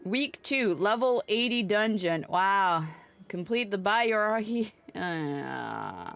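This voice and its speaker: A woman's voice: medium pitch, sing-song, takes it slowly, creaky, a bit bright, soft background music. A woman streaming a video game, chatting casually in a playful, giggly way with sing-song greetings and casual swearing. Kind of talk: casual livestream chat over gameplay.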